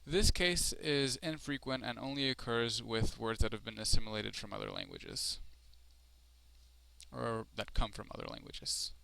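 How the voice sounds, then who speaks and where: A Spanish teacher records a screencast lesson, explaining step by step slowly and deliberately with frequent ums and other fillers. His mid-range voice is creaky and sharp with big pitch swings, and there's slight background noise.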